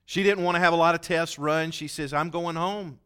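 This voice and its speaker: A man's voice: a little high, steady tone, fairly quick, pushed and bright, clean tone. A man preaching as a pastor, telling a story in a folksy, conversational way and acting out the voices he quotes. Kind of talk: sermon storytelling.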